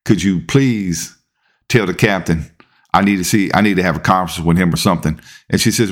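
Deep-voiced man telling a story. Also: a little fast. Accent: Southern US. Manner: animated, acts out quoted dialogue. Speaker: podcast host and police officer. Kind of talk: casual storytelling.

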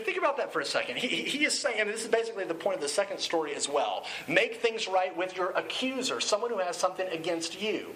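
A man preaching with a high, bright, ringing voice. He talks to the congregation in a loose, conversational way and gets animated as he goes. A faint hiss sits under the recording. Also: low-quality recording. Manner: conversational, animated, acts out quoted shouting. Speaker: pastor. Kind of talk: sermon.

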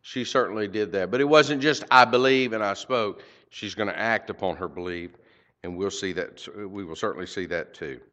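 A man's voice: lowish voice, moderate pace, pushed and bright, highs cut off. An older man teaching a Bible passage verse by verse, folksy, with rhetorical questions and personal stories.

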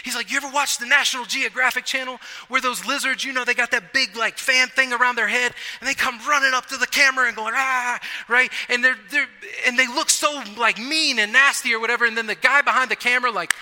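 Guy doing a quirky eager young dude begging to be heard out, higher pitch, long echoey reverb. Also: fairly even intonation, fast talker, few pauses, sharp tone, exaggerated voice. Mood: eager, insistent. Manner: urgent, pleading to be heard. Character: quirky eager young man, insistent storyteller. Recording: long reverb of a large hall.

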